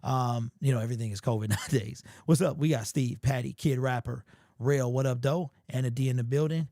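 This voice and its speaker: A man with a hoarse, sore-throated voice, hosting a casual sports livestream and chatting loosely with viewers. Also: mid-range voice, a little fast, warm tone, dry recording, clean studio sound. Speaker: sports show host.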